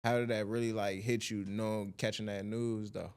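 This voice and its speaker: A man's voice: fairly low pitch, flat delivery, normal speed, smooth. A man hosting a podcast interview, asking questions in a laid-back, slangy way with short affirmations. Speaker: podcast host. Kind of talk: casual interview.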